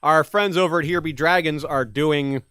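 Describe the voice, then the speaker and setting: A man's voice: a little high, normal speed, bright, forceful tone, clean tone, no echo, clean studio sound. A man hosting a casual podcast chat, rambling with many fillers and chuckles. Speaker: podcast host.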